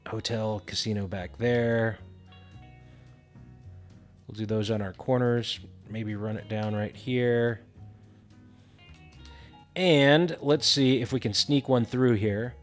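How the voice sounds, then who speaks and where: A man's voice: mid-range voice, takes it slowly, soft background music. A man casually narrating a building game tutorial, thinking aloud with frequent fillers.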